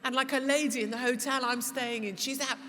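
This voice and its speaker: A woman talking as a podcast guest before a live audience, impassioned and swearing, laughing, and rising to shouts. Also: sits high, steady tone, fairly quick. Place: large church hall before a live audience. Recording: echoey hall with audience noise.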